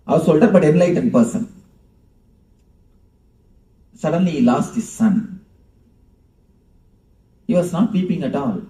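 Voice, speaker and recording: A man's voice: on the high side, warm tone. Man, spiritual teacher in a live talk, playful and chuckling; roomy echo, mic far off. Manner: playful, chuckling, talks with audience.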